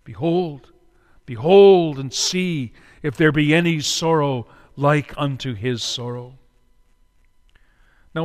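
A man preaching a sermon as pastor, dramatic, moving between hushed words and loud cries. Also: on the high side, long reverb tail.

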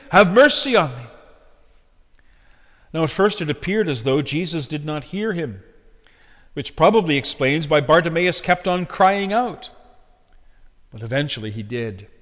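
Earnest male preacher in echoey hall. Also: mid-range voice. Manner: earnest, swings between loud emphasis and soft address. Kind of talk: sermon. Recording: echoey hall with long reverb.

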